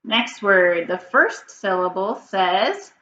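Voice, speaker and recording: A woman teacher leading a phonics reading lesson for young children, prompting slowly and patiently, sound by sound. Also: medium pitch, expressive, bright, forceful tone. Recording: dull, slightly noisy, roomy sound.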